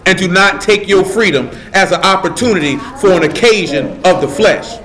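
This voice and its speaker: A man's voice: high-pitched, moderate pace, fairly bright tone. A man preaching a live sermon, emphatic and casual, asking the room rhetorical questions. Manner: casual street slang.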